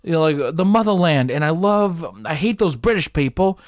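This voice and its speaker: A man's voice: a little high, expressive, fairly quick, a little mellow, no room sound, studio quality, voice pushed up, close to an everyday voice. A man putting on a chipper "Russian" soldier with a British accent. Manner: chipper, bumbling, overly eager.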